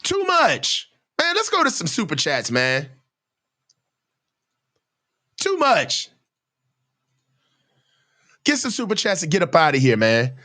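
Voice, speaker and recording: A man with a high voice that swings wildly up and down, giving live sports reaction commentary. He rants in heated, slangy bursts as the host of a football reaction stream. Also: wildly swooping pitch, fast talker, hardly any pauses, pushed and bright.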